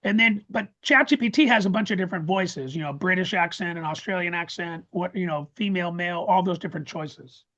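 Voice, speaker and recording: Man, webinar presenter, excitable, stammering restarts, muffled lo-fi call audio. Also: sits high, brisk, hardly any pauses. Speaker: course presenter. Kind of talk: casual live webinar talk.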